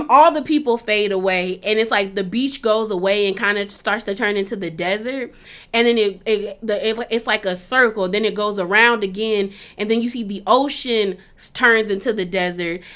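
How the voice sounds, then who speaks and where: A woman reviewer talks through a TV episode in a loose, rambling recap, leaning on "like" and fillers as she goes. Her voice sits a little high and sounds bright. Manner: rambling, heavy use of "like" and fillers. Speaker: TV show reviewer.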